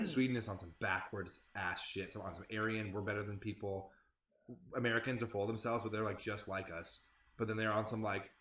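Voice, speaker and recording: A young man in a band telling a tour story in casual podcast chat, animated and profane. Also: on the low side, slight background noise. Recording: roomy echo.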